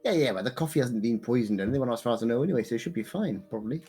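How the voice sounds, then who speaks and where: A man's voice: mid-range voice, expressive, racing, mellow, slightly rough. Polite guy playing d&d, umms a lot, faint music. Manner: hesitant, polite, many fillers. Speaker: player. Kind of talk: casual tabletop role-play.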